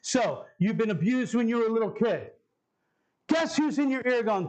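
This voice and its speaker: Male pastor, high voice, casual preaching style that repeats key lines. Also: expressive, normal speed, a little mellow, poor audio. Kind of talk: sermon. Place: church sanctuary.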